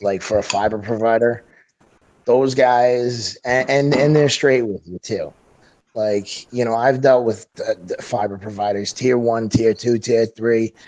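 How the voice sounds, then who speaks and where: A man's voice: medium pitch, fairly even intonation, measured pace, darkish tone, rough recording. A man from New York in a casual podcast chat, swearing freely and repeating words as he talks. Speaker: podcast co-host.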